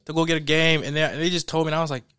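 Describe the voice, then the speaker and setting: A young man hosting a podcast, telling a story in an animated, laughing way and acting out the people in it. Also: fairly high pitch, racing, smooth, dry recording, clean studio sound. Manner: animated, laughing often, acts out quoted people. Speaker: podcast host. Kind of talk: casual storytelling chat.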